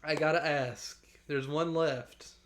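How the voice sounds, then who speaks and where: Bright, playful young male streamer. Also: a little high, slow. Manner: playful, jokey, excitable. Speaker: gaming streamer. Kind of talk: live gameplay commentary.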